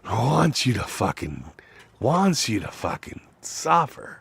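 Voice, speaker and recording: A man in a rambling, profane monologue whose voice swings between loud outbursts and low mutters. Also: big pitch swings, slow, husky.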